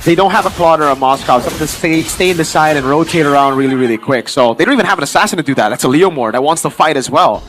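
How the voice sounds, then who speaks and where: Male analyst, high voice, excitable casual breakdowns. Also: fast talker, few pauses, soft background music, rough recording. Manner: chatty, excitable, filler-heavy analysis. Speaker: esports analyst. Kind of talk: esports color commentary.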